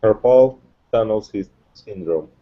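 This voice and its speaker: A man's voice: lowish voice, expressive, measured pace, highs cut off. A man student, hesitant and searching for words as he tries a pronunciation.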